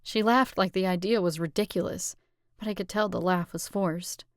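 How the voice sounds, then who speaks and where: A woman narrating an audiobook with expressive, steady storytelling. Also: on the low side, moderate pace, no room sound. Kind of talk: scripted narration.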